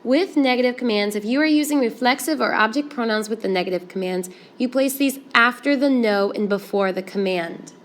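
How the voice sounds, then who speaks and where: A woman teaching a Spanish grammar lesson, explaining each step in a clear, steady way. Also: a little high, brisk, few pauses.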